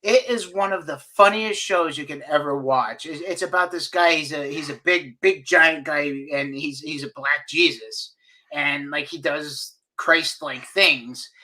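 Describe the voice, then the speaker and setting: A man's voice: fairly high pitch, unhurried, pushed and bright. A middle-aged man co-hosting a podcast, telling rambling, laughing stories in casual chat. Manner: rambling storyteller, lots of restarts and laughs. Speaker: podcast co-host.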